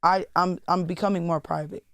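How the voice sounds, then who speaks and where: A young woman talks in a blunt, profane, rambling way full of fillers. Her voice is smooth and clear, recorded dry and close on a studio mic. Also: fairly low pitch, steady tone, a little fast, fairly bright tone, no room sound. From Atlanta. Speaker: rapper guest. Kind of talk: candid interview talk.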